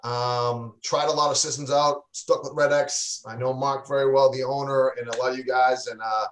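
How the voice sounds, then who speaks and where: A man's voice: mid-range voice, level tone, moderate pace, a little hiss or hum. A man, a real estate coach, talking casually on a livestream interview over a video call, loose and full of fillers and restarts. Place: indoors, home in a cold city. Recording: echoey room.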